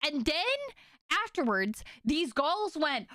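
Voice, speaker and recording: A young woman streaming casually to her chat, telling stories in an animated, exaggerated way with lots of "like" and "okay?". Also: medium pitch, measured pace, smooth, dry recording, studio quality.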